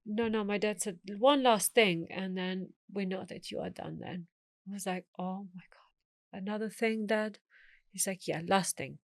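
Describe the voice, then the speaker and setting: A woman's voice: medium pitch, moderate pace, vocal fry, no echo, studio quality. Woman retelling a hard past. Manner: emotional storytelling, acting out quoted voices. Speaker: guest. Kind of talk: personal story in an interview.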